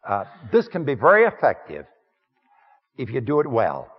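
Husky, lively-voiced man teaching preachers. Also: mid-range voice, normal speed, in a large hall, highs cut off. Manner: folksy, earnest, frequent uh fillers. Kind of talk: lecture on preaching craft.

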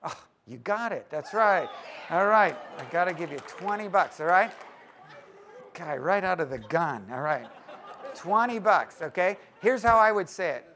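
A man with a notably high voice gives a live talk to a room of church leaders. He is lively and playful and keeps teasing his listeners as he goes. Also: a little slow, some chatter behind, slight background noise. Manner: lively and joking, teases the audience. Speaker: speaker at a church leaders' conference.

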